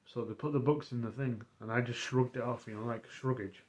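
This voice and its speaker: Casting: rambling male streamer recapping a roleplay, middle pitch, halting delivery. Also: steady tone. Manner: rambling, halting, many fillers and restarts. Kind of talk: casual storytelling of a roleplay.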